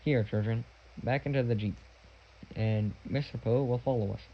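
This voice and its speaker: A man's voice: medium pitch, steady tone, normal speed, muffled recording, natural voice. A man reading a sly villainous man who hisses threats and puts on fake sorrowful politeness. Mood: smooth, fake.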